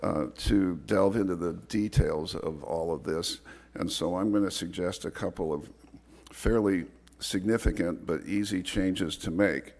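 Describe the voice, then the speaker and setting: A man, an advisory committee chair, giving public comment at a county board meeting, reading earnestly and fast with small stumbles. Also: low voice, darkish tone.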